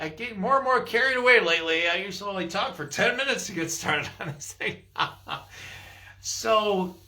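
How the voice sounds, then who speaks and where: Bright-voiced rambling spiritual coach man. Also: high voice. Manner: enthusiastic, rambling, acts out voices and laughs. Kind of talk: rambling live-stream coaching talk.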